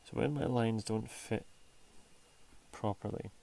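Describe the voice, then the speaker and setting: A man's voice: fairly low pitch, slow, vocal fry, warm tone. A man casually talking through his drawing process on a stream, rambling and interrupting himself, sometimes dropping to a near whisper. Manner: rambling, self-interrupting, chatty. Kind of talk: casual narration while drawing.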